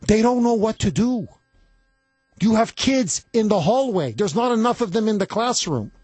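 Guy ranting on talk radio, high pitched and all over the place, kinda husky. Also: animated, moderate pace, darkish tone, no room sound. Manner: emphatic, indignant, repetitive. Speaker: radio talk show host. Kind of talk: political talk radio monologue. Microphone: studio microphone.

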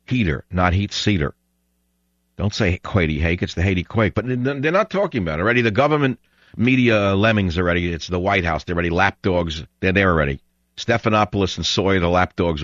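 A man's voice: low-pitched, a bit bright, no echo, muffled recording. A man hosting a talk radio show, ranting in a sarcastic, combative monologue.

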